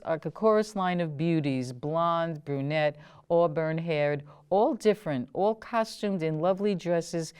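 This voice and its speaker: A woman, the host and author, reading her own memoir aloud in a slow, deliberate storytelling manner. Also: fairly low pitch, a little mellow, clear, resonant tone.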